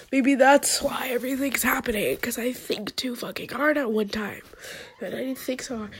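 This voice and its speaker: Young woman, crying, slightly high voice, raw swearing vent, close phone mic at home. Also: a little slow, husky. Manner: tearful, swearing, rambling and raw. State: crying, sniffling. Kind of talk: emotional personal vlog. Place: indoors at home, in bed.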